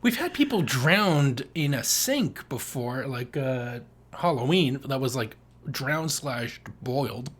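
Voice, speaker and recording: A man co-hosting a podcast in casual chat, crude and joking, with an animated way of talking. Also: mid-range voice, takes it slowly, slight background noise. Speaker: podcast co-host.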